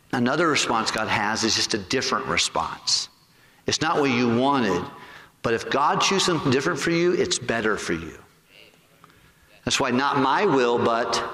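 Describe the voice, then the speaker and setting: A man's voice: medium pitch, sharp tone. Preaching man in an echoey church. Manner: preaching with rhetorical questions to the congregation; stretches key words slowly for emphasis. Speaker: pastor. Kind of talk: sermon. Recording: echoey hall with long reverb.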